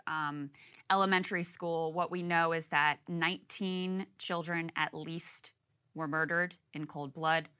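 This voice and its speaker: A woman's voice: low voice, pushed and bright, clean tone. A woman co-hosting a news show, giving sober, careful commentary on a tragic event. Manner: measured, sober, careful with caveats. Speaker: co-host.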